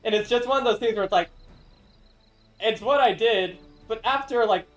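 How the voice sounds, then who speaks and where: Male streamer, high voice, casual gameplay chat, rambling, giggly, quiet music underneath. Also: normal speed, poor audio. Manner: chatty, laughs often, rambling asides.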